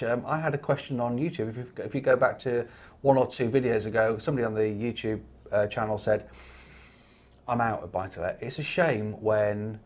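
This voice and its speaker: A man's voice: fairly low pitch, a little mellow. An English man co-hosting a casual property talk show, rambling and restarting as he tells stories. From England. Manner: rambling, repeats words and restarts, storytelling. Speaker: property investment podcast co-host. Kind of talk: casual chat.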